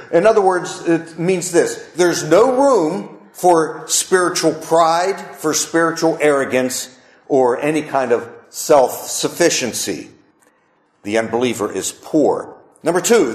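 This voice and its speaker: A man preaching a sermon as pastor, animated, with wide swings in his voice. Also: a little high, measured pace, echoey room.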